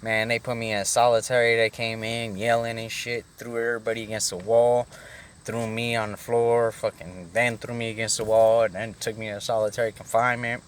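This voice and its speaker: A man's voice: fairly low pitch, level tone, fairly quick, clean tone. A middle-aged man telling a rambling personal story in casual, profane street slang. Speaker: vlogger.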